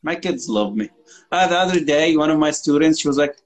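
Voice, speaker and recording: Fast and lively in intonation, a man with a fairly high voice comes through a rough recording. He co-hosts a casual podcast chat as an English teacher who swears, jokes, and mocks accents.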